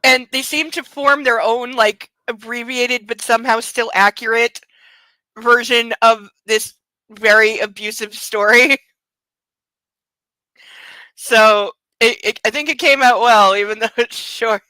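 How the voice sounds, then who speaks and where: A woman's voice: on the high side, fairly even intonation, slow pace, long pauses, bright, forceful tone, no echo, poor audio. A woman hosting a book show, chatting casually and laughing at herself. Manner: chatty and self-amused, with frequent laughs. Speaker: host. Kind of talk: casual chat.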